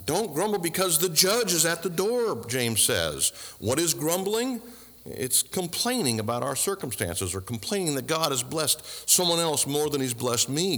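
Animated preaching man in a reverberant hall. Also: medium pitch. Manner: animated preaching with rhetorical questions and dry asides. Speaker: pastor. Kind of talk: sermon.

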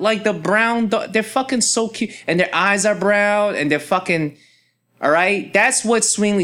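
Profane, animated young man ranting. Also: medium pitch. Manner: profane, animated, mock-angry. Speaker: podcast host. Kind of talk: casual ranting monologue.

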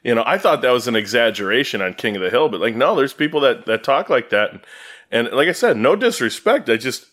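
A man from Wisconsin co-hosting a woodworking podcast, telling stories with jokes and quick laughs. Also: medium pitch, expressive, a bit bright. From Green Bay, Wisconsin, USA. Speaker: podcast co-host. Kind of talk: casual chat.

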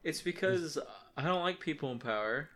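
A man's voice: fairly high pitch, animated, normal speed, fairly bright tone, a little hiss or hum. A man co-hosting a casual podcast, dry and blunt, voicing contrarian opinions. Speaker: podcast co-host.

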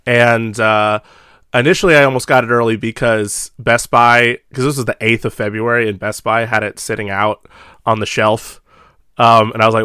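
A man's voice: medium pitch, fairly even intonation, normal speed, bright, forceful tone, smooth, no echo. Chatty man rambling about movies, dry close mic. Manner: rambling, laughs often, acts out little dialogues. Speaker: podcast co-host. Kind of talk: casual chat about movies.

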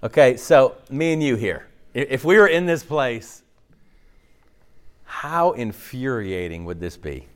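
A man preaching a sermon in a conversational, animated way, acting out the voices of the people in the story. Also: medium pitch, a little slow, smooth. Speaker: pastor.

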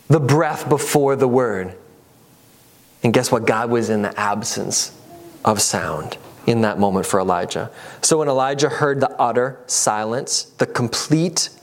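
Man, pastor, sermon, animated, acts out scripture voices. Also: mid-range voice. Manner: animated, voices the characters in the passages he reads.

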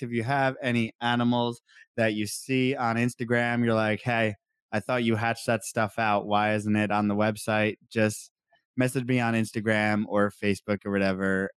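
A young man chats loosely on a podcast, rambling and doubling back on himself. His voice sits low and sounds smooth and resonant. The recording is dry and close, with no room sound. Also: dry recording. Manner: rambling, laid-back, self-correcting. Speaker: podcast co-host and snake breeder. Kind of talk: casual podcast chat.

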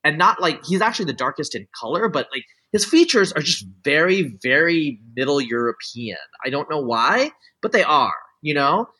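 The man is middle-aged, his voice a little high, pushed and bright with a breathy edge, very animated and moderately paced with hardly any pauses. Opinionated and explanatory, he lays out his views in looping, restarting sentences full of "like" and "you know." Audio quality is poor.

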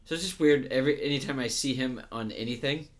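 A man's voice: medium pitch, fast. A man co-hosting a casual talk about movies, rambling with lots of fillers and restarts. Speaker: podcast co-host.

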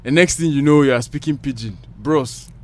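A man co-hosting a casual podcast, teasing and playful, pausing with fillers as he searches for words. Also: fairly high pitch, crowd noise. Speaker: podcast co-host. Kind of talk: casual banter.

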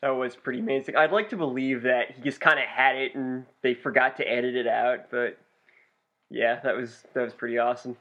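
A man's voice: medium pitch, fairly even intonation, a little fast, fairly bright tone. A young man co-hosting a podcast, chatting casually in a laid-back, dry and sarcastic way. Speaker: podcast co-host. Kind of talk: casual chat. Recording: dull lo-fi podcast recording.

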